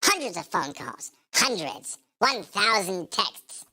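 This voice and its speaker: A text-to-speech woman's voice reads messages aloud. It is bright and forward in tone, with a mid-range pitch. Its intonation moves widely. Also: very animated, slow.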